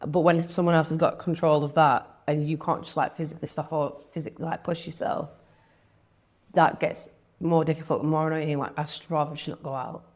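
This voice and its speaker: A woman's voice: low voice, fairly even intonation, brisk, darkish tone. A young woman, talking candidly as an interview guest, chatty, with lots of "like" and quoted thoughts.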